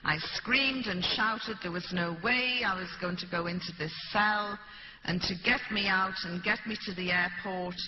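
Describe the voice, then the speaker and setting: A woman's voice: mid-range voice, normal speed, soft background music. A British woman speaking to an audience, telling a first-person story and acting out the people she quotes. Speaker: public speaker. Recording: dull, echoey hall recording with light hiss.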